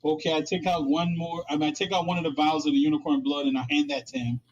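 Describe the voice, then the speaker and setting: A man's voice: on the high side, little pitch movement, fast, highs cut off. A man playing his character in a tabletop game, blunt and dismissive. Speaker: player.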